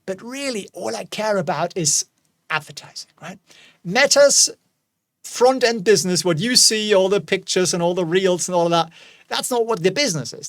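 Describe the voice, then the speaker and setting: A man's voice: high voice, no room sound, clean studio sound. A man in his forties hosting a casual investing commentary, chatty with jokey asides. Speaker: host.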